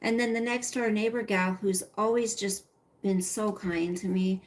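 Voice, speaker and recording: A woman's voice: mid-range voice, steady tone, normal speed. A middle-aged woman hosting a casual livestream, rambling and chatty as she talks to viewers by name and reads their comments. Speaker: livestream host.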